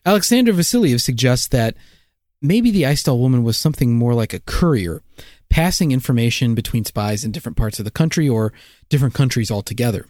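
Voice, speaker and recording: A man's voice: medium pitch, fairly quick, dry recording, clean studio sound. A man co-hosting a casual podcast, telling a mystery with jokes between the facts. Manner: jokey, lively storytelling. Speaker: podcast co-host. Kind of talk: casual joking podcast chat.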